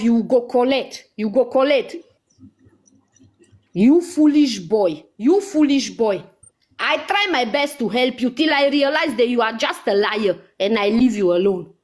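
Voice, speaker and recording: A woman ranting angrily in a vlog, scolding someone with repeated insults and accusations. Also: a little high. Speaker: vlogger. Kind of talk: angry live vlog rant.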